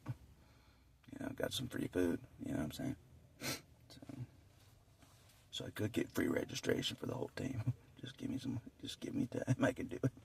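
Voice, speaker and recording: A man's voice: lowish voice, vocal fry. A man talking in a rambling, earnest casual monologue, often laughing and repeating himself. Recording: distant mic with faint background noise.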